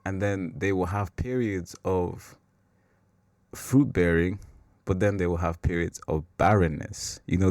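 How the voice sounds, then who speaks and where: A man's voice: low-pitched, a little mellow, no room sound, studio quality. A man hosting a faith podcast, talking in a loose, rambling way that is full of "like" and pokes fun at himself. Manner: rambling and self-mocking, with filler "like". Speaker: podcast host. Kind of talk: casual faith talk.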